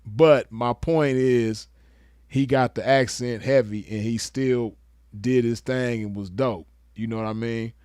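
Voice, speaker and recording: A man's voice: mid-range voice, steady tone, unhurried, a little mellow, clear, resonant tone, no echo, clean studio sound. A young man from the West Coast giving laid-back, slangy commentary with frequent chuckles. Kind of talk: casual commentary.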